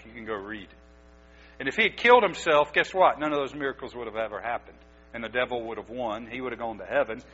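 A man's voice: medium pitch, a bit bright. A man preaching a sermon as pastor, exhorting his listeners with emphatic, urgent delivery. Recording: dull lo-fi recording with mains hum.

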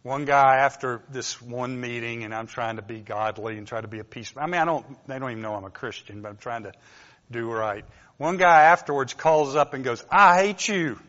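A man with a North Georgia accent preaching a relaxed, conversational sermon with folksy asides. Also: mid-range voice, fairly quick. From Southern US. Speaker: pastor. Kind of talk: informal sermon. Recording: dull lo-fi sound with long hall reverb.

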